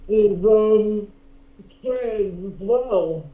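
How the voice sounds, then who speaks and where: A man's voice: high-pitched, extremely slow, reverberant, far from the mic, highs cut off. A man co-hosting a casual reaction podcast, hesitant and agreeing, with many ums. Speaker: podcast co-host.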